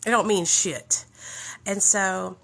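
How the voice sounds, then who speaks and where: A woman from the Southern United States, speaking with a Southern accent in a slow, gravelly, mid-range voice, tells a candid and profane story about her recovery. She comes across as blunt, profane, and animated.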